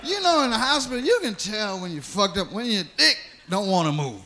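A man doing a stand-up routine, telling a profane story with lively acted-out voices. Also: high voice, brisk, a little hiss or hum. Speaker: stand-up comedian.

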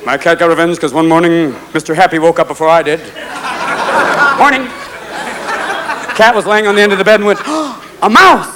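A man doing a profane stand-up routine, jumping into high voices for animals. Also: steady tone, very fast, few pauses. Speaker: stand-up comedian. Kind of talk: stand-up routine before a live audience. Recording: live club recording with crowd noise.

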